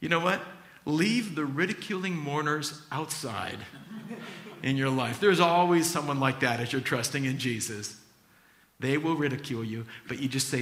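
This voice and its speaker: A man preaching a sermon as pastor, acting out Bible scenes in an animated, storytelling way. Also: mid-range voice, moderate pace, reverberant.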